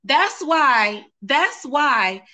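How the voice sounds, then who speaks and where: A woman, a singer sharing a personal story in a casual interview, animated and quoting others with repeated phrases. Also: sits high, extremely slow.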